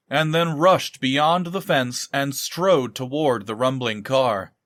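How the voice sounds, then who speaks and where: A man reading a novel aloud in measured scripted narration. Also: mid-range voice, fairly bright tone, no room sound, studio quality. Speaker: audiobook narrator.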